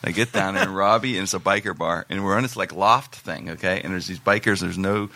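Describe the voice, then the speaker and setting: A male comedian telling stories in casual chat, animated and quick to laugh. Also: sits low, no room sound. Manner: animated storyteller, laughs often.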